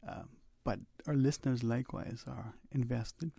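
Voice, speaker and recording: A man hosting a call-in radio talk show from the Cayman Islands, speaking in a measured, reflective way and choosing his words carefully. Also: medium pitch, creaky, warm tone, slightly rough, dry recording. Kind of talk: casual radio chat.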